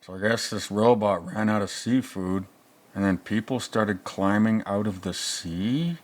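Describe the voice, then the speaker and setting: A man putting on a crude old movie reviewer who rambles through a film with sarcastic, profane asides. His voice sits very low and he drawls along at an unhurried crawl, as if thinking aloud between scenes. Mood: rambling. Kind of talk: comedic reaction commentary.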